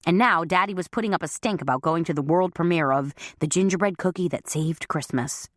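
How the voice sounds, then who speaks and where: A woman's voice: lowish voice, fairly quick, dry recording, studio quality. A woman reading a first-person audiobook, with a wry, self-mocking manner. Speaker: audiobook narrator.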